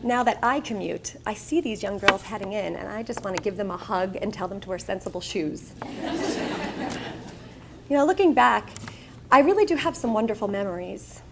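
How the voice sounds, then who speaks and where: A woman's voice: medium pitch, expressive, moderate pace, gravelly, noisy background. A middle-aged woman with a Long Island accent gives a personal storytelling speech at a charity breakfast, candid and self-mocking with wry asides. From Long Island, New York. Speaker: guest speaker at a charity breakfast. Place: event room, speaking to an audience.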